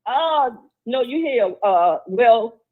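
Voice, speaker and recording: A woman's voice: a little high, expressive, slow pace. Woman caller on a tinny phone line. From Washington, D.C. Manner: earnest, stammering, churchy. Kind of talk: phone call-in.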